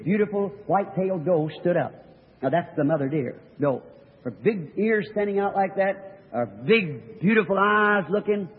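Male preacher, high voice, folksy earnest sermon storytelling, long hall reverb. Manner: folksy rural grammar, emphatic and earnest. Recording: old tinny recording of a reverberant hall.

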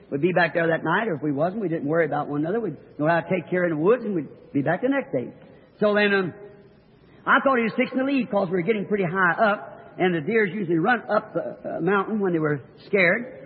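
A man preaches in a high-pitched voice at a fast pace, telling a story in his sermon with folksy rural grammar and earnest emphasis. It's an old, tinny recording made in a reverberant hall.

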